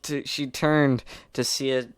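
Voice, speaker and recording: A man's voice: mid-range voice, fairly even intonation, unhurried, smooth, no echo. A man casually reading fan fiction aloud, giggling and rambling in asides, some whispered. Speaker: reader.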